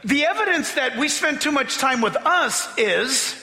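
A man preaching a sermon as pastor, animated, acting out voices to make his points. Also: very high-pitched, a little slow, hardly any pauses. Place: church sanctuary. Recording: long hall reverb.

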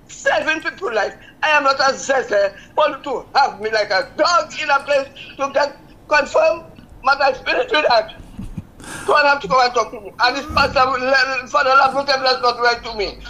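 A woman's voice: high voice, sharp tone, a little hiss or hum, low-quality recording. An older woman calling in to a radio show, venting her frustration emphatically and repeating herself. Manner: vexed, repetitive, emphatic. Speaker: caller. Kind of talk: call-in radio complaint.

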